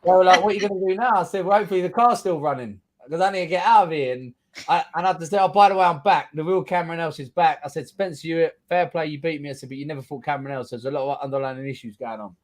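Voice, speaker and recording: A man's voice: a little high, racing. A man in his thirties with a London accent, telling his story in a casual interview, blunt and swearing freely as he acts out what people said. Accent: London English. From England. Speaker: guest fighter.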